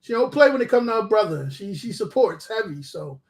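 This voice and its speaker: High-voiced animated man with a New York accent. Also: brisk. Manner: animated, profane storytelling with shouted bits. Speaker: guest artist. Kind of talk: casual live show chat.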